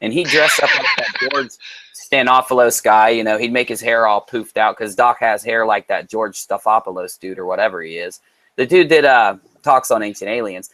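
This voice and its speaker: A man's voice: lowish voice, moderate pace, dry recording. A man co-hosting a live stream, chatting casually in a playful, joking way. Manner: joking, playful, animated storytelling. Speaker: co-host.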